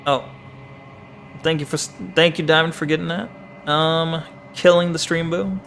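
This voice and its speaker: A playful young man commenting as he streams a game. His voice sits fairly high. A faint hum runs behind him. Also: steady tone, normal speed, creaky, a bit bright. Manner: playful, chatting to viewers by name. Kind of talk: live gameplay commentary.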